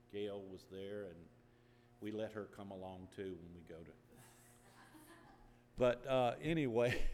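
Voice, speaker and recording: A man's voice: fairly low pitch, a little mellow, big-room sound, slight background noise. An older man preaching an earnest sermon as pastor, rising to emphatic bursts.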